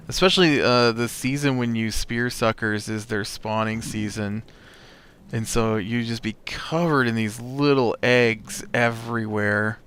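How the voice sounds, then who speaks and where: A man's voice: medium pitch, a bit bright, slight background noise. A man hosting a let's play, telling a rambling story full of uhs and restarts with a wry edge while he plays. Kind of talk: casual storytelling while playing a game.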